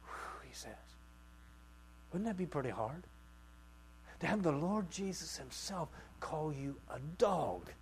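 A man preaching a sermon, swinging from quiet asides to loud outbursts and acting out the voices he quotes. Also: fairly high pitch, very animated, slow pace, pauses often, slight background noise.

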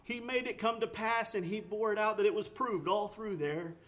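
A man's voice: high-pitched, moderate pace, a bit bright. A man preaching a sermon, earnest, with rising emphatic bursts, often repeating words and restarting phrases.

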